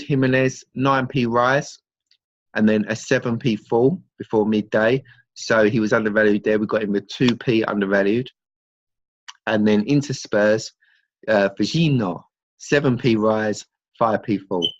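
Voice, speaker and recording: A man walks through figures in a relaxed, explanatory way with loose everyday grammar. His voice sits fairly low. The recording is dry and close, with a dull, lo-fi tone. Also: dry recording. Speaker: trading strategy presenter. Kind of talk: casual explanatory talk.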